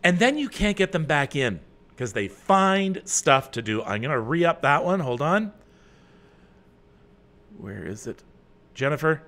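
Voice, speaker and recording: A middle-aged man from Canada hosting a live chat, reading viewer comments with loud bursts and quiet asides. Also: medium pitch, expressive, normal speed, pauses often. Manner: chatty, with many fillers and restarts. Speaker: host.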